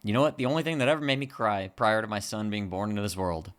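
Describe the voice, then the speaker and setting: A young man co-hosting a podcast in casual chat, animated and excitable. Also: fast talker. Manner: animated, jumps to excited high pitch. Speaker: podcast co-host.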